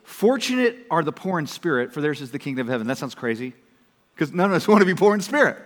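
Conversational pastor preaching in a reverberant hall. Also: male voice, on the high side, big pitch swings, quick pace. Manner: conversational, swings from loud to hushed. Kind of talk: sermon.

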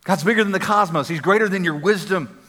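High bright-voiced male preacher. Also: fast talker. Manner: energetic conversational preaching with repeated phrases. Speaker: pastor. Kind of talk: sermon. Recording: long hall reverb.

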